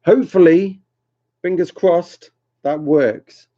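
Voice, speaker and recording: A man hosts a casual livestream, reading chat comments, teasing viewers and often laughing as he rambles. His voice is mid-range and dark-toned, unhurried, with long pauses, on dull lo-fi home stream audio.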